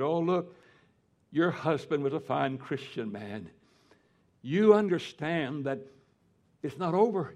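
An older man preaching in a drawl, his voice sitting a little high for a man. He drops to a soft, slow hush, then climbs into loud, ringing exclamations. It has the fervent rise and fall of a revival sermon. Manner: fervent preaching with sudden rises in pitch and volume. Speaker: pastor.

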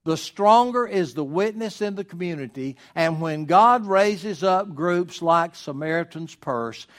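Brief: pastor, slightly high-pitched man, preaching hard and slowing words for stress. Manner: emphatic, with rhetorical questions and slowed stresses. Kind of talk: sermon.

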